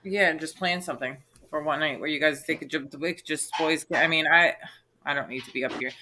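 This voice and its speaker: A woman hosts the chat in a bright, sharp voice, talking quickly from topic to topic. She fills her sentences with "like". Faint noise hums under the recording. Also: low-pitched. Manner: talkative, heavy use of "like". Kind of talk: casual chat.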